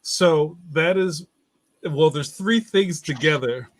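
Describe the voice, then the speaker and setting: A man's voice: fairly high pitch, slow, no echo. A man speaking as a guest in a casual chat, talking in a loose, chatty way and putting on voices in his anecdotes.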